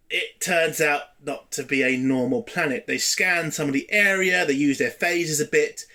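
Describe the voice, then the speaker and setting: A man's voice: fairly high pitch, bright, forceful tone. A man giving a casual spoken review of a TV episode, blunt and exasperated, swearing freely.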